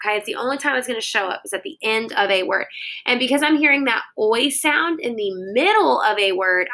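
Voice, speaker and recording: A woman's voice: a little high, bright, forceful tone, low-quality recording. A young woman teaching children a phonics dictation lesson, sounding out words syllable by syllable into her phone.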